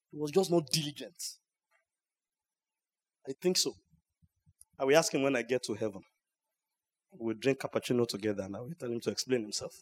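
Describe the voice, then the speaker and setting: A man preaching at a church service, swinging between hushed asides and loud shouts. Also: fairly high pitch. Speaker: pastor. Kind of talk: sermon.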